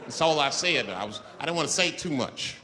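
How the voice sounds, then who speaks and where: A male stand-up comedian telling a profane, animated story to a live audience. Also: a little high, fairly quick. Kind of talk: stand-up routine. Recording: live show, crowd and noise.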